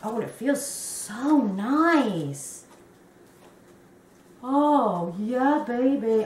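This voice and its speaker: A woman in her fifties, a crochet vlogger, gushing and exclaiming excitedly as she unboxes a gift on camera. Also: a little high, very slow, pauses often. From Canada. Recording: echoey room with faint noise.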